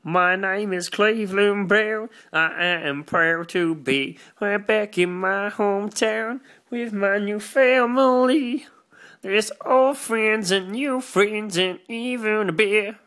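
A man with a Yorkshire accent putting on a loud, high-pitched, excitable cartoon dad. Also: slow pace, vocal fry, heavily acted. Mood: singing-proud.

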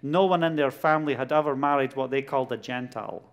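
A middle-aged man with a Glasgow Scottish accent gives a testimony sermon, telling a story with lively bursts and acting out dialogue. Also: mid-range voice, fast talker, lo-fi sound. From Scotland. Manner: animated storytelling, laughs often, acts out dialogue. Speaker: preacher.

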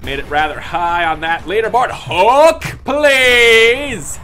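A man doing angry gameplay commentary, ranting, yelling and cursing at the game, then muttering low under his breath between outbursts. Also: animated, takes it slowly. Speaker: gaming video creator.

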